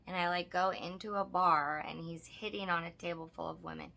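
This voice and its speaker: A woman's voice: on the low side, steady tone, a little fast, vocal fry, few pauses, bright, forceful tone. A woman co-hosting a podcast, telling a story casually with lots of swearing and emphasis. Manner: profane, emphatic retelling. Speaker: podcast co-host.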